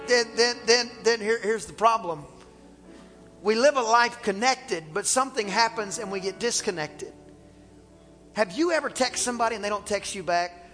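A male pastor preaching a sermon in a church, animated and playful, acting out little dialogues as he talks. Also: sits high, brisk, in a large hall, faint music behind. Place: church sanctuary.

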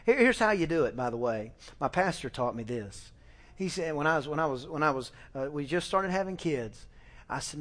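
A middle-aged man preaching a sermon in a folksy, animated way, with fillers and restarts, sometimes acting out family conversations. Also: on the high side, fairly quick. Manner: acts out family dialogue with shifting voices. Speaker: pastor.

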